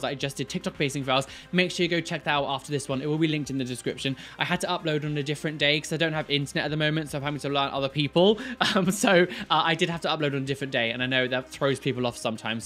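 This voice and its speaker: A man hosting a reaction video, talking in an animated way with shocked outbursts and giggles, in a room of his new home. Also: fairly high pitch. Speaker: YouTube host reacting to tattoo fails. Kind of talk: reaction commentary.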